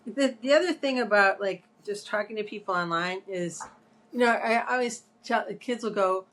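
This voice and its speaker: Female co-host, mid-pitched, chatty and explanatory. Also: moderate pace, fairly bright tone. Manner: explanatory, gives examples. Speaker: podcast co-host. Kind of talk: casual chat.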